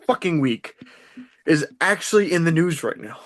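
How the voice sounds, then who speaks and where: A man's voice: on the high side, lively intonation, normal speed, no room sound. A man co-hosting a podcast in casual wrestling chat, blunt and laughing often, swearing freely. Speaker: podcast co-host.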